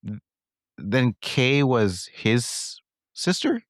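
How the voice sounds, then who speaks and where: A man's voice: medium pitch, sing-song, drawn-out words, no room sound, clean studio sound. A man co-hosting a casual podcast, asking questions and laughing along. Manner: curious, asks questions, laughs. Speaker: podcast co-host. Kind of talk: casual chat.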